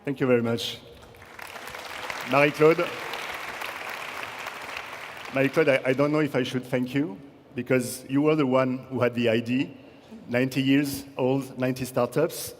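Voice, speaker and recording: A man's voice: mid-range voice, fairly even intonation, normal speed, a faint crowd. A man hosting an awards ceremony on stage, courteously calling people forward and introducing speakers. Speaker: ceremony host. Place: large conference hall. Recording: hall reverb, audience and ambient noise.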